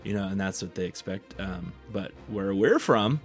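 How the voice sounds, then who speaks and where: A man's voice: deep voice, lively intonation, normal speed, faint music behind. A man with an Eastern California twang hosting a casual local news update, chatty and joking. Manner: chatty, joking asides, informal.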